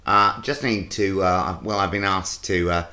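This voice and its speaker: A man doing a halting, awkward presenter. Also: sits low, steady tone, sharp tone.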